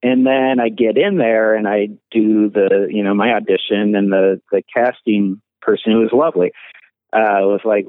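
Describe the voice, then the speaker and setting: A man with a Midwestern accent, an actor calling into a podcast, self-deprecating and laughing often between halting restarts. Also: on the low side, fairly even intonation, no room sound, phone-quality sound. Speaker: actor guest. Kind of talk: podcast interview by phone.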